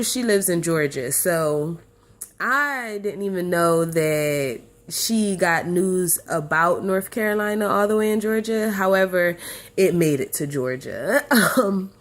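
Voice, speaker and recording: Young woman, student, casual chatty storytelling, lowish voice. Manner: chatty, animated when quoting others.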